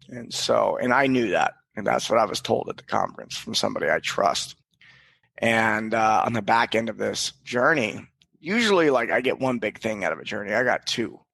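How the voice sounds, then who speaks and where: Podcast guest, male, gravelly mid-pitch voice, dry close sound, candid and reflective. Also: normal speed, a bit bright, dry recording. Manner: earnest, reflective, casual swearing, frequent restarts. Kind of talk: candid personal storytelling.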